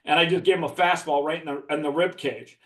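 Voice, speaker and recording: A man's voice: a little high, fairly even intonation, fast talker, a bit bright. A man from the Chicago area telling a profane story in a casual chat, laughing as he talks. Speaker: podcast guest. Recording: echoey room.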